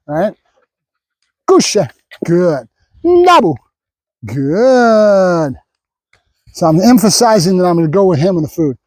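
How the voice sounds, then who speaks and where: A man training a dog, explaining his method out loud while praising the dog. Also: high voice, no echo.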